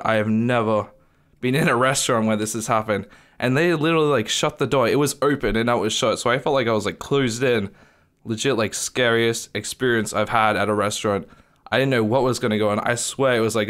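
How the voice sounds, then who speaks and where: A young man vlogging, retelling a strange restaurant visit in a casual, animated way, with lots of "like". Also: medium pitch. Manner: animated retelling, heavy use of "like". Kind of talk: casual storytelling to camera.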